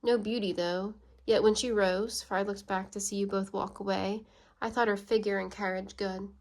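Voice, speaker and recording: A woman voicing a blunt, proud and sarcastic English gentleman in a storybook reading, with a scolding manner. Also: mid-range voice, fairly even intonation, moderate pace, natural voice.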